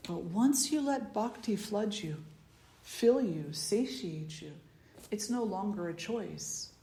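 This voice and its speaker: Slow, meditative woman spiritual teacher. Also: medium pitch, lively intonation, mellow, reverberant. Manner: slow, meditative, repeating phrases for emphasis. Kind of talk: spiritual talk.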